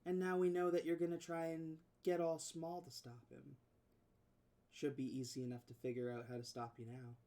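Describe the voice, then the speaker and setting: A man's voice: on the high side, completely flat delivery, moderate pace, mellow, distant mic, lightly acted. A man voicing a taunting female villain with two guns, speaking in a smug manner.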